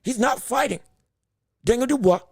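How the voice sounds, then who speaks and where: A man's voice: very high-pitched, lively intonation, moderate pace, vocal fry, breathy edge, dry recording, clean studio sound. A man hosting a boxing podcast, making his points emphatically and repeating himself with frequent restarts. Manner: emphatic, repetitive, stumbling restarts. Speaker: podcast host.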